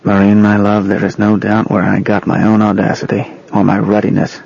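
A man's voice: fairly low pitch, monotone, brisk, vocal fry, darkish tone, no room sound, muffled recording. A man voicing a smitten young soldier. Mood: affectionate. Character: smitten young male soldier, earnest and admiring.

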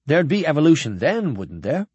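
A man's voice: fairly high pitch, sing-song, moderate pace, darkish tone, slightly rough, no room sound, highs cut off. A man reading an audiobook, voicing a keen young naval midshipman asking questions. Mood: curious.

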